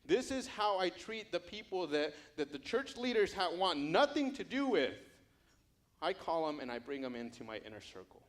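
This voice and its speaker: A man's voice: high voice, sing-song, moderate pace, a bit bright, voice pushed up. A man voicing Jesus as an earnest teacher who questions his disciple in repeated, searching lines that swell into urgent appeals.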